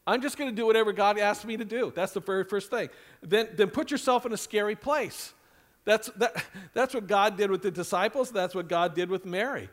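A male pastor preaching a sermon in a conversational style, with lively asides and acted-out quotes. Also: high-pitched, a little fast.

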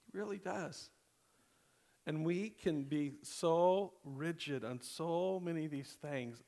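Animated man preaching in a reverberant sanctuary. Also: a little high, slow. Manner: animated preaching, swinging from loud bursts to hushed near-whispers, laughing often. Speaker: pastor. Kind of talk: sermon. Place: church sanctuary. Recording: long hall reverb.

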